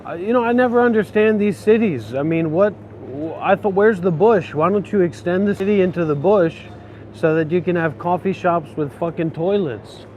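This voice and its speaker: A man's voice: sits high, normal speed, a little mellow, slight background noise. A man vlogging while he walks through city streets and a station, ranting in a profane, sarcastic, grumbling way. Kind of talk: casual rant while walking.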